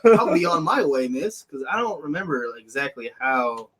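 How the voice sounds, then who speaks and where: A man's voice: a little high, moderate pace, slightly rough. A man hosting a podcast, chatting casually about a movie, swearing a lot and acting out lines in silly voices. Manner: profane, animated, acts out quotes in silly voices. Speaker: podcast host.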